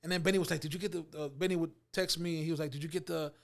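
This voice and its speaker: A man in his forties telling an animated story in an interview, acting out what people said and laughing often. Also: a little high, rapid-fire, creaky, a crowd in the background. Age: 40s. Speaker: actor guest.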